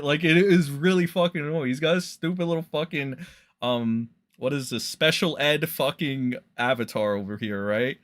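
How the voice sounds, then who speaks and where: A man streaming casual commentary with a bright, forceful voice that sits a little high. He mocks and swears as he reads out posts, and his talk often climbs into loud rants. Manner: profane, mocking, rising into loud rants. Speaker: streamer reading tweets.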